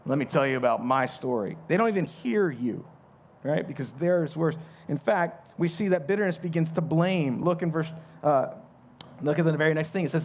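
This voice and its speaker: A man's voice: on the high side, moderate pace, highs cut off, a little hiss or hum. A man with a Southern US accent preaching a sermon in a conversational way, often repeating words as he restarts a thought. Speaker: pastor.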